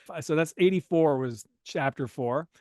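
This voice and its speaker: A man's voice: on the high side, moderate pace, a little mellow, dry recording, clean studio sound. A man hosting a casual movie-recap podcast, telling the story with lots of energy and frequent laughter. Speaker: podcast host.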